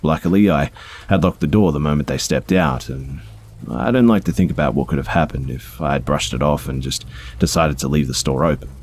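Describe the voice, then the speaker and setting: A man's voice: very deep voice, brisk, darkish tone, a little hiss or hum. A man reading first-person stories aloud in a conversational way, with small fillers along the way. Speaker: storyteller.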